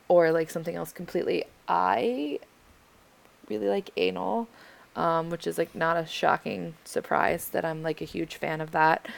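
Young American woman, casual Q&A, slightly low and gravelly, tired, hesitant with lots of filler words. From United States. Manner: hesitant, full of ums and likes. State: tired and yawning late at night. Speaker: audio creator answering listener questions. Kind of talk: casual Q&A chat.

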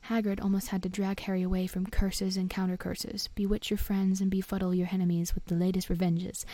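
A woman reading a storybook aloud in a soft, often whispered voice. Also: mid-range voice, no room sound. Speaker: reader.

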